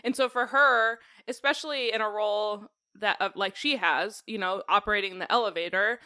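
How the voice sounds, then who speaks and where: Smooth-voiced woman chatting on a podcast. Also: mid-range voice. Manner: relaxed, chatty, drawn-out phrasing. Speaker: podcast co-host. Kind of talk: casual chat recapping a film.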